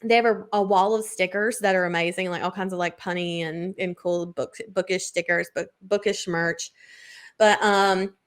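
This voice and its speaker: A woman, telling a story in casual podcast chat, full of "like" and quick laughs. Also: on the low side, steady tone. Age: 20s. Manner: chatty storyteller, lots of "like" and laughs. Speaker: podcast co-host.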